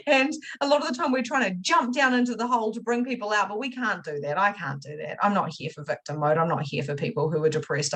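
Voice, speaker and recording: A woman teaching a spiritual money masterclass. She talks casually and swears, leaping from loud excitement to quiet, confessional asides. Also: on the low side, low-quality recording. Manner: casual swearing, chatty direct address. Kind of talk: motivational masterclass talk.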